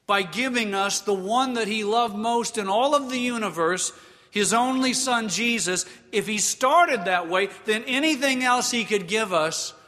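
A man preaching a sermon as a pastor, slow and emphatic, leading the congregation to repeat lines after him. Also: high voice, bright, forceful tone, in a large hall.

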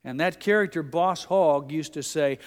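A man's voice: fairly high pitch, moderate pace, clean tone. Man preaching a sermon in a reverberant hall. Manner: storytelling, quoting others in a softer voice. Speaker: pastor. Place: church sanctuary. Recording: long hall reverb from the church.

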